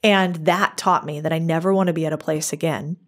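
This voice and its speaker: A woman speaking as a podcast guest in a casual interview, telling stories in a lively, brisk and candid way. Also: low voice.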